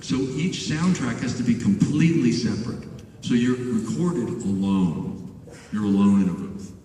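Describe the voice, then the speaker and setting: A man in his sixties, a voice actor guest at a convention panel, telling animated stories about studio work with laughs and acted-out exchanges, recorded from far off in a large hall. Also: medium pitch, moderate pace, faint music behind. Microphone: handheld camera far from stage.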